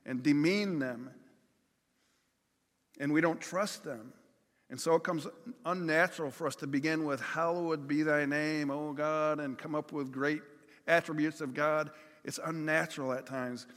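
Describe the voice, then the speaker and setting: A man's voice: on the high side, fairly bright tone. A man preaching a conversational sermon, with everyday examples and acted-out pleas. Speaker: pastor. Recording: long hall reverb.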